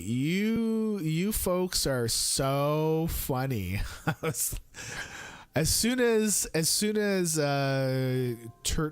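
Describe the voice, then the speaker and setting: A man in his thirties chatting casually on a live stream, rambling with fillers and restarts. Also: clean tone. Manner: high squeaky voice when quoting his young son.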